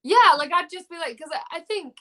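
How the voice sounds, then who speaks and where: A woman's voice: very high voice, expressive, a little fast, sharp tone. A young English woman, a singer, talking casually in a video chat, rambling with plenty of fillers and restarts. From England.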